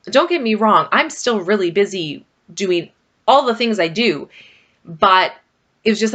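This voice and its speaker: A woman's voice: mid-range voice, lively intonation, measured pace, fairly bright tone. A middle-aged woman vlogger talking casually and rambling about her marriage, with frequent fillers. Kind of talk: casual personal talk to camera.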